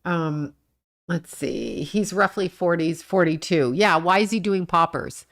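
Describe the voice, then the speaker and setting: A woman's voice: on the low side, unhurried. A middle-aged woman hosting a casual livestream, answering chat comments and ranting bluntly with plenty of swearing. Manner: blunt and profane, rants and swears at the people she discusses; talks back to chat comments. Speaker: livestream host reading chat.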